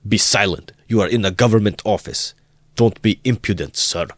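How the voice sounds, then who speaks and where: A man voicing an indignant, easily offended police officer who shouts his lines in a storybook reading. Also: low-pitched, normal speed, no room sound, clean studio sound, natural voice. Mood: shouting.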